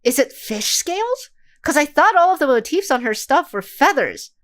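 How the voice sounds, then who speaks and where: A woman's voice: sits high, big pitch swings, normal speed. A young woman streamer reacting to a game video in casual, sarcastic chat, swearing freely.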